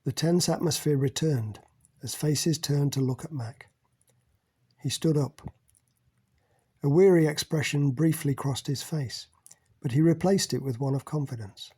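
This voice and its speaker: A man narrates an audiobook in a measured storytelling manner, pausing for effect. His voice is husky and mellow, sitting a little high for a man. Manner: measured, plain storytelling with dramatic pauses. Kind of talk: scripted narration.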